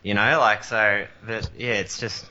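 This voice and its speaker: A man's voice: on the low side, fairly even intonation, a little slow, bright, forceful tone, muffled recording. A man chatting casually about his collection, rambling with many fillers and restarts. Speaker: collector in group chat. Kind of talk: casual chat.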